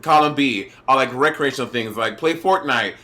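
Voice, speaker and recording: A man's voice: mid-range voice, moderate pace, bright, forceful tone. A man co-hosting a podcast in casual chat, loose and teasing, swearing freely. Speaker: podcast co-host.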